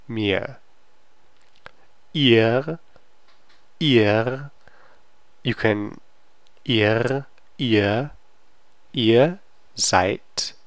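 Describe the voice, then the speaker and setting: A man teaching a German pronunciation lesson, repeating words slowly to demonstrate them. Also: on the low side, fairly bright tone, no room sound. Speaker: language teacher.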